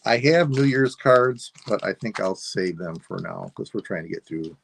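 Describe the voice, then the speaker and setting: A man selling items on a live stream, thinking aloud in a rambling, unhurried way as he describes each piece. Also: fairly low pitch, lively intonation, vocal fry, slight background noise. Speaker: online seller. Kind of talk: live-stream sales chat.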